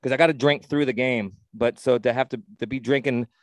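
Excitable, profane man, dry close sound. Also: medium pitch, brisk, no room sound. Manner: rambling, excitable, profane, frequent restarts. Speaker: podcast co-host. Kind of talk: casual sports chat.

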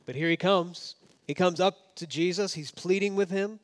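This pastor's sermon swings from emphatic, elevated passages down to soft, low asides, delivered at normal speed.

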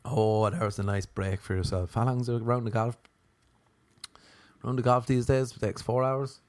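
A young man with an Irish accent doing a stand-up routine, lively, with sudden leaps up in pitch for his bits. His voice sits at a medium pitch. The sound is dry and close, with little room echo. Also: normal speed. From Ireland. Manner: animated, jumping to high pitch when acting out others. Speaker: comedian. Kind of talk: stand-up comedy monologue.

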